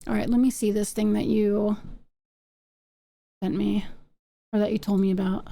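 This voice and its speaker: A woman streamer giving excitable live game commentary, swearing and laughing often. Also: medium pitch, moderate pace, creaky.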